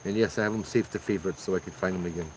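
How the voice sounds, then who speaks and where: A man's voice: deep voice, racing, darkish tone, slight background noise, rough recording. A man with a Hawaiian accent hosting a show, telling ghost stories in a laid-back, slangy way. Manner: laid-back, slangy, calls listeners bro. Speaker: host. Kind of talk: casual ghost storytelling.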